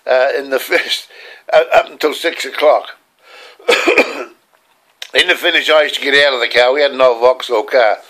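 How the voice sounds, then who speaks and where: A man's voice: a little high, a bit bright. An older man with an Australian accent, telling rambling, earnest stories from his childhood. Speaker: storyteller. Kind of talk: personal childhood storytelling.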